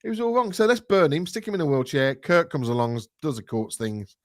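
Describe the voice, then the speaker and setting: A man's voice: on the high side, big pitch swings, a little fast, no echo, clean studio sound. Blunt, jokey man. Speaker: podcast co-host. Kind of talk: casual chat.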